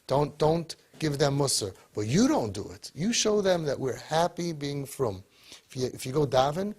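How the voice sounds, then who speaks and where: A man giving an animated motivational talk to parents, full of rhetorical questions. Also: fairly high pitch, vocal fry, slightly rough. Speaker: speaker to parents.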